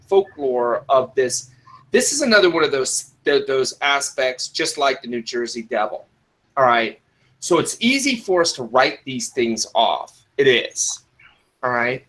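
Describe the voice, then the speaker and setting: A man's voice: mid-range voice, expressive, unhurried, a bit bright, poor audio. A man hosting a podcast in casual talk, rambling with many restarts and fillers, and stopping to answer the live chat. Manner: answers live chat, spells words in the phonetic alphabet. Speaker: podcast host.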